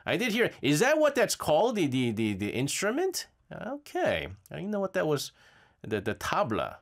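In a radio studio, a male host with a high voice speaks at normal speed, chatting casually and reading listener messages. He's lively and rambling, with frequent fillers and stammers.

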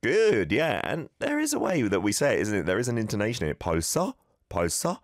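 Low-voiced guy hosting a radio lesson, bouncy delivery, dry studio sound, keeps repeating examples. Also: fast, no echo. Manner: lively, animated, corrects pronunciation with repeated examples. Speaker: radio host teaching Korean. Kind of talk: casual radio language lesson.

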